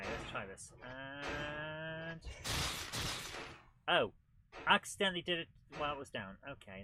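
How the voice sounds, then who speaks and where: A man hosting a retro gaming show, giving chatty, excitable commentary while he plays. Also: a little high, background noise. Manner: chatty and excitable, with frequent laughs and exclamations. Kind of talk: live gameplay commentary.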